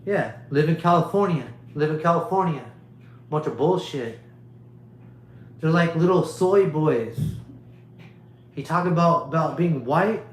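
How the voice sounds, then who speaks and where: Male streamer, preachy rambling monologue, slightly high voice, roomy echo. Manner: preachy, emphatic, repetitive. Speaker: livestream host.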